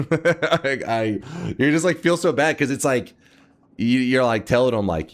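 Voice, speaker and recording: A man's voice: mid-range voice, animated, moderate pace. A man streaming, telling a rambling, profane story in casual chat. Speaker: gaming streamer.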